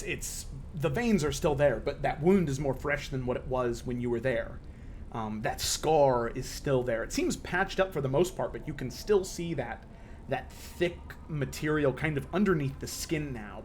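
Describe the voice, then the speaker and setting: A man narrating a tabletop role-playing game as game master, with lively, stumbling storytelling full of fillers. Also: on the high side, a little hiss or hum.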